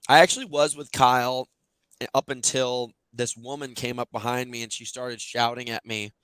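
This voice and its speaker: A man hosts a podcast in casual chat, spinning animated stories full of fillers. His voice is smooth and resonant, at an ordinary middle pitch. The sound is dry and close. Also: normal speed, dry recording. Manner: animated, loose storytelling with many fillers. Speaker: podcast host.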